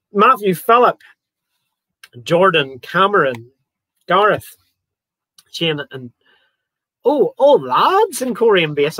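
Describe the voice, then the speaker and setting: Here the quiz host speaks in a fairly high, fairly bright voice with no echo at all. Between questions on his live online quiz he keeps things chatty, joking with viewers and reading their comments aloud.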